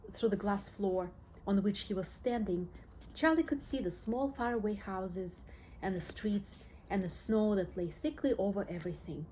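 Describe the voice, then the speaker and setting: A woman narrating a children's storybook in a steady, clear read-aloud delivery. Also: mid-range voice, a little hiss or hum, poor audio. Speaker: audiobook reader.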